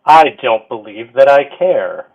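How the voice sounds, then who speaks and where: A man's voice: mid-range voice, animated, measured pace, gravelly, slightly rough. A man playing a tabletop game, speaking bluntly and tersely in character. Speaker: player. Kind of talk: tabletop role-play, in character. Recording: dull lo-fi mic.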